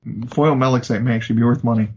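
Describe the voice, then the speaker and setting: A man's voice: medium pitch, steady tone, fast, slightly rough, dull audio. A man co-hosting a podcast, teasing the others and steering the card talk along. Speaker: podcast co-host. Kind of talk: casual card-review chat.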